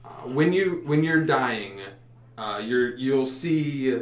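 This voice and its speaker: A man in casual conversation about a movie, chiming in and correcting details in a relaxed way. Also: mid-range voice, slow. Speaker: podcast co-host. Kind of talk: casual movie recap chat. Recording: echoey room.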